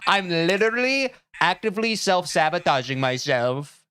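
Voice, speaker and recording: A man's voice: mid-range voice, big pitch swings, brisk, a bit bright, clean tone. A young man livestreaming a game, chatting casually with viewers, self-mocking and swearing freely. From United States. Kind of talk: casual chat with viewers while gaming.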